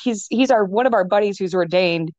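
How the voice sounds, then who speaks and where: A young woman talking in a casual chat as a guest, chatty and quick to laugh, on a dull lo-fi recording. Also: medium pitch, a little mellow. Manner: chatty, laughs often, many fillers. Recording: dull lo-fi sound.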